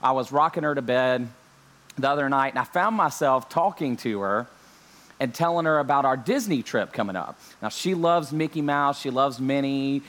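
A man's voice: mid-range voice, normal speed. A young man, a pastor, opening an online church service from home, joking with his viewers and dropping frequent amens. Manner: joking, lively preaching with many amens. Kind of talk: online church sermon intro. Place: home during lockdown.

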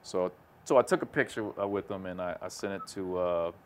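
During a relaxed podcast conversation, a male co-host animatedly recounts a long story and acts out the voices of the characters he quotes. His low voice moves briskly, and there's slight background noise.

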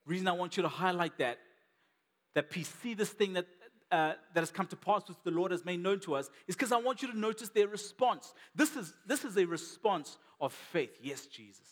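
A man's voice: high-pitched, lively intonation, normal speed, fairly bright tone, long reverb tail. A man preaching a sermon as a pastor, conversational and emphatic, repeating key words for weight.

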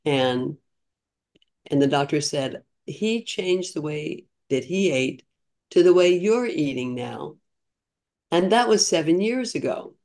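A woman in her sixties, a guest on a podcast, tells her story in a chatty, earnest way and often restarts her sentences. Her voice is low and somewhat dark, animated but slow-paced, suited to a casual storytelling interview.

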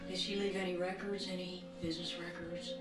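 A woman's voice: on the low side, flat delivery, brisk, over music, natural voice. An actress playing a tense young female federal agent, asking guarded questions in film audio. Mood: wary. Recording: echoey distant film audio, loud score.

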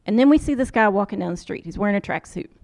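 American woman lecturer, easygoing storyteller, middle pitch, does little voices for the people she quotes. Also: rapid-fire, vocal fry. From United States. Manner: conversational storyteller, quoting people in lively voices. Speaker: social work professor.

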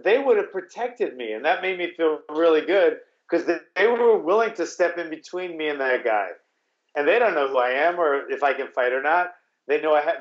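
A man tells a casual story, rambling and restarting, with blunt curse words here and there. His voice sits a little high for a man. The sound is roomy and a bit dull. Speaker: guest telling a story.

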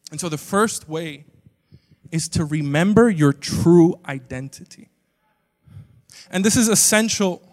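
A young man preaching a sermon to a live audience, talking casually with many "like"s and swinging between quiet stretches and loud emphatic bursts. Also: on the high side, measured pace, long pauses. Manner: casual and conversational, peppered with "like". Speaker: pastor. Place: live church auditorium with an audience. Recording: long reverb of a large hall.

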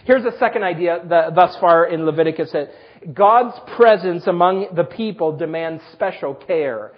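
A man preaching a sermon, telling personal stories with self-deprecating humor in a husky voice. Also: high voice, moderate pace, dull audio. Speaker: pastor.

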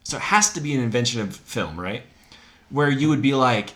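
A man co-hosting a casual film discussion podcast, animated and laughing often as he acts out scenes. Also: mid-range voice, a little fast. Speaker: podcast co-host.

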